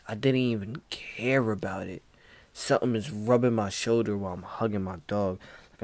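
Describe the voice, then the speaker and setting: A man telling a spooky story in a laid-back, hushed casual way, dropping "bro" often. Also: on the low side, no room sound. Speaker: vlogger.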